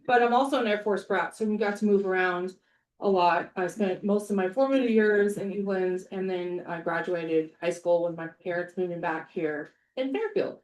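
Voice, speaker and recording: A woman's voice: lowish voice, normal speed, a little mellow. Chatty woman candidate in an echoey hall. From Montana. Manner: chatty and informal, many ums. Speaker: candidate at a townhall. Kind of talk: casual campaign introduction. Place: public meeting hall.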